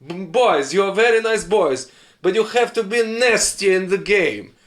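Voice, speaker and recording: A man's voice: high-pitched, moderate pace, voice pushed up, close to an everyday voice. A man putting on a pompous male football manager, speaking choppy broken English in a mock Portuguese accent. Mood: boastful.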